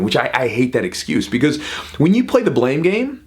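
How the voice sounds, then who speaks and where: A man in his thirties, a jiu-jitsu coach, talking casually to camera with quick asides and frequent "right?". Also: medium pitch, sing-song. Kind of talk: casual advice talk to camera.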